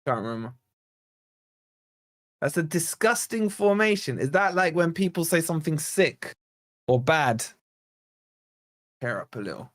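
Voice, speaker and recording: With long pauses and a measured pace, a man with a fairly high voice hosts a live football fan stream, recorded at studio quality without room sound. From England, he chats excitably and reads viewers' chat aloud as they watch along.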